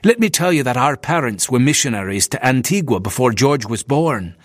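A prim, disapproving Victorian minister grumbles about a younger relative, as a male reader puts him on. The delivery is stiff and fussy with a lively, wide-ranging pitch. The recording is dry and close. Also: normal speed, no echo.

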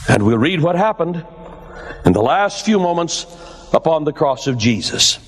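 High-voiced older man preaching in a hall. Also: sing-song, slight background noise. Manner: preacher's cadence, slowing for emphasis and rising for exclamations. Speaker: pastor. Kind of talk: sermon.

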